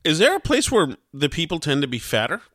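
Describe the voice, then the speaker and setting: A man's voice: a little high, brisk, no echo, studio quality. A man co-hosting a radio show who chats casually and jokes with enthusiasm. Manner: animated, enthusiastic, joking. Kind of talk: casual chat.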